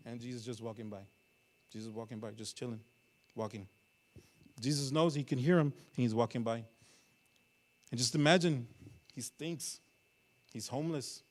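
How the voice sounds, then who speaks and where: A man preaching a sermon in a church. He tells the story with sudden swings between loud and hushed passages and puts questions to the congregation. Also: mid-range voice, fairly even intonation, fairly quick, long pauses. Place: church sanctuary.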